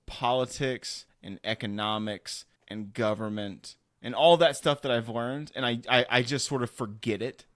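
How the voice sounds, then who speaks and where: A man's voice: medium pitch, fairly even intonation, normal speed, hardly any pauses, a bit bright, dry recording, studio quality. A man co-hosting a podcast in casual chat, laid-back and wry. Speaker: podcast co-host.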